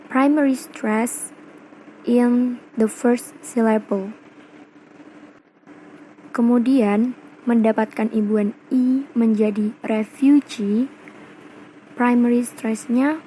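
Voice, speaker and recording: A young woman with an Indonesian accent presents a recorded lesson as a student, moving between English and Indonesian explanation. Her voice sits a little high, and she talks slowly and deliberately. A faint noise runs under the recording. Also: mellow, low-quality recording. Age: young adult.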